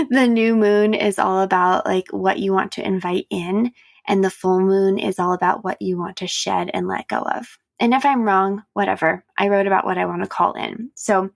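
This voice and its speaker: A woman in her thirties talks through a relaxed solo podcast episode, candid and chatty with frequent laughs. Her voice carries a gravelly fry. The sound is dry and close, with no room around it. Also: mid-range voice, dry recording. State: tired and yawning. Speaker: podcast host. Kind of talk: casual solo podcast chat.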